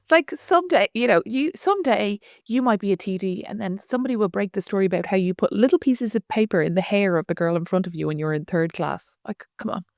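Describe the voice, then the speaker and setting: An Irish woman co-hosting a podcast, chatting about politics with quick, dismissive reactions. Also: medium pitch, gravelly, darkish tone, no echo, clean studio sound. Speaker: podcast co-host. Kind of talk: political chat.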